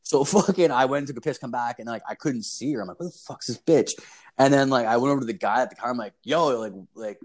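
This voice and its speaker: A man's voice: medium pitch, very fast, few pauses. A man in his thirties hosting a casual podcast, telling rambling stories and swearing constantly. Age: 30s. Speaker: podcast host.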